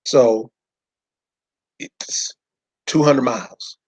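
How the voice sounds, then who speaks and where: A man's voice: medium pitch, very slow, a little mellow, slightly rough. A man giving an informal lecture from a map, speaking in loose slangy speech and firing rhetorical questions straight at his listeners.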